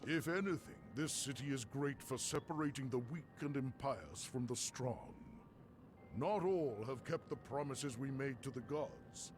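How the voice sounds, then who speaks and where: An actor playing a male academy master in a video game, speaking in a measured, formal way. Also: medium pitch, slight background noise, natural voice. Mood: lofty.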